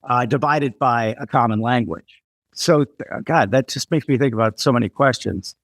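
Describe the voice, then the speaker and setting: A man's voice: mid-range voice, moderate pace, dry recording. American man hosting, dry close sound. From United States. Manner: rambling storyteller with frequent restarts. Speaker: podcast host. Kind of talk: casual interview conversation.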